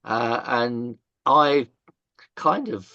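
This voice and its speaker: An older man, telling his story as an interview guest, halting with many fillers and restarts and the odd swear word. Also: medium pitch, lively intonation, pushed and bright, dry recording, dull audio. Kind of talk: candid storytelling in conversation.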